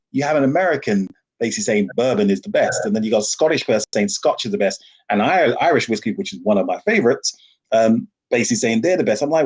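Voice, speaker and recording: A man being interviewed on a podcast over a video call, telling animated stories with frequent laughs. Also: mid-range voice, fast talker, husky. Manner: enthusiastic, animated storyteller who laughs often. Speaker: guest, rum ambassador.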